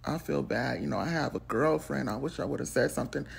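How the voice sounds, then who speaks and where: A woman's voice: rumbling low, a little fast, creaky, slightly rough, full character voice. A woman voicing a sheepish young man who whispers a hesitant confession. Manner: soft and hesitant.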